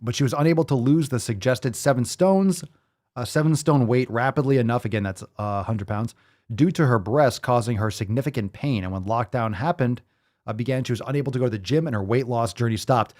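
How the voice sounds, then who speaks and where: An American man hosting a casual commentary show, reading news stories and riffing on them with profane, animated remarks. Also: mid-range voice, brisk. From United States. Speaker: host.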